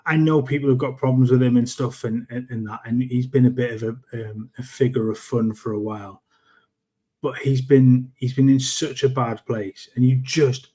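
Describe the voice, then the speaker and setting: A man co-hosting a football podcast, chatting casually and telling animated, incredulous stories. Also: medium pitch, slightly rough. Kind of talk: casual chat.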